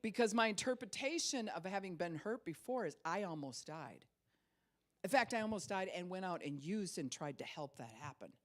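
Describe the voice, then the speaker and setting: A woman's voice: mid-range voice, lively intonation, brisk, few pauses. A woman pastor in her sixties preaching a sermon, telling stories with frequent laughter and acting out the people she quotes. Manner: storytelling, laughs often, acts out quoted voices.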